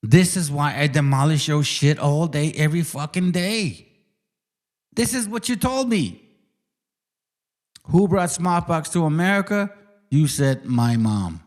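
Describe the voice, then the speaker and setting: Combative man ranting, fairly high voice. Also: measured pace, long pauses. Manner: combative, profane, mocking. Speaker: channel host. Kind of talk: heated livestream rant.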